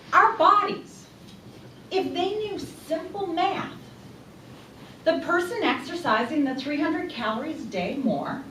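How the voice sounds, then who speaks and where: Slow-spoken woman giving a talk. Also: high-pitched, a bit bright. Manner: slow, deliberate, rhetorical questions to the audience. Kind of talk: presentation to a small group. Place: room with a small audience. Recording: echoey room from a distance, faint hum.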